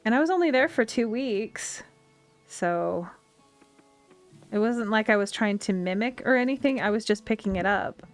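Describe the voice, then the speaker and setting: Chatty and rambling, a woman streamer from the United States speaks with a Western twang over faint game music while playing. She has a medium-pitched, animated voice and keeps a moderate pace.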